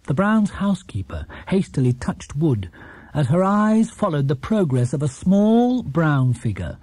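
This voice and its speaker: Male children's audiobook narrator: animated storytelling, husky grain. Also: fairly high pitch, measured pace, dry recording. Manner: lively, storytelling. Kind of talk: scripted narration of a children's book.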